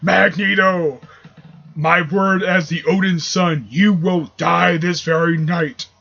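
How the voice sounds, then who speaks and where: A proud thunder god bellows threats and demands to know who dares mock him, as a man puts him on while reading a comic aloud. The voice is high and sharp, pitched up and pushed louder than the reader's own talk. The recording is dull and lo-fi. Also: fairly even intonation, takes it slowly, creaky, exaggerated voice. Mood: wrathful.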